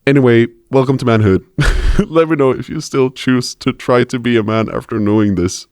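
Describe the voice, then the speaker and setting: A man's voice: mid-range voice, normal speed, darkish tone, smooth, no room sound, studio quality, natural voice. A man reading as a clueless grumbling guy. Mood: mock-earnest. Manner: mock-earnest reading with chuckles. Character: clueless grumbling cis man posting online. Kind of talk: reading a post aloud.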